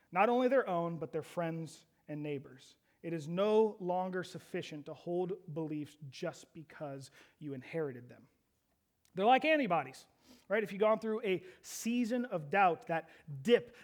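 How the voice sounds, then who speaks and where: A man with a high voice for a man preaches a sermon to his congregation. He asks them rhetorical questions and acts out quoted prayers, his intensity climbing as he goes. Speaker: pastor.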